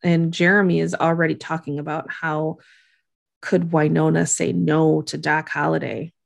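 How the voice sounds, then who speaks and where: A woman with a low, gravelly voice talks through a TV episode in a relaxed, chatty way. She runs through the scenes quickly and laughs often as she goes. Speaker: podcast co-host recapping a TV episode. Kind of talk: casual chat, episode recap.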